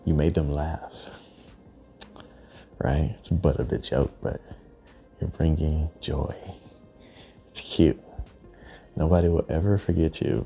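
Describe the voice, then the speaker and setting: A podcast host with a rumbling low voice rambles through a profane monologue. He often slips into hushed, breathy asides.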